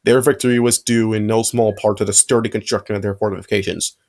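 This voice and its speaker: A man's voice: on the low side, little pitch movement, quick pace, a little mellow. A man narrating a fanfic aloud with friends, in a casual reading with occasional slips.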